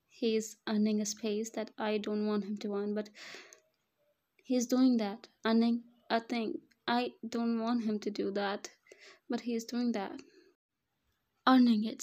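A woman's voice: on the high side, a little mellow. A woman narrating a first-person romance story, dramatic, at times dropping to a whisper. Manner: dramatic, breathy whispered asides. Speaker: fan fiction reader.

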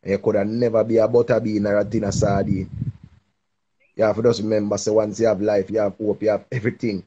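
A man's voice: fairly low pitch, flat delivery, quick pace, muffled recording, background noise. A man, hosting a casual advice chat and encouraging a listener in a preachy tone. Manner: preachy, encouraging, patois-heavy. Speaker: live stream host giving advice.

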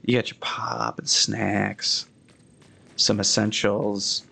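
A young adult man giving chatty live commentary as he plays a video game, critiquing its buildings with frequent restarts and sudden high-pitched exclamations. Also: flat delivery, takes it slowly, vocal fry, pushed and bright.

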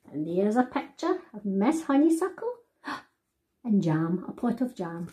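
Animated woman reading a children's story. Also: mid-range voice, measured pace. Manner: animated, addresses children directly. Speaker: children's author reading her book. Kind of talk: storybook read-aloud for children.

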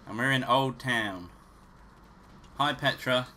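A man's voice: mid-range voice, slow pace, pushed and bright, a little hiss or hum. A man hosting a let's play, casually commentating, swearing and joking to himself as he plays. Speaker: gaming channel host.

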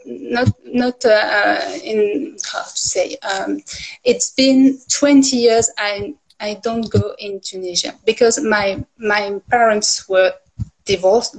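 A woman's voice: mid-range voice, steady tone, takes it slowly, poor audio. A woman with a French accent talks as a livestream guest. Her English is hesitant, and she often searches for words before she finds them. She laughs easily in between. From France. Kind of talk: casual livestream chat.

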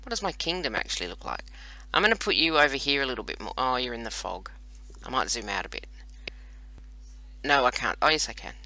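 A woman's voice: a bass voice, very animated, fairly quick, bright, forceful tone, dry recording, low-quality recording. A woman hosting casual gameplay commentary, rambling and chatty with self-mocking asides, recorded on a computer microphone. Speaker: host playing a browser strategy game.

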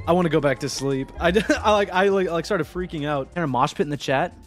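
A young man streaming a game, with a fairly high voice. He talks in a rambling, excitable way and breaks into sudden shouts. Faint music plays underneath. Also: brisk. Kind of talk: casual gaming stream chat.

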